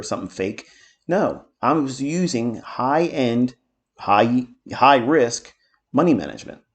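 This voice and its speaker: A man's voice: fairly low pitch, gravelly, a little mellow. A middle-aged man giving a trading lesson, blunt and profane, with boastful, heated asides. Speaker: trading mentor. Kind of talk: market commentary lesson.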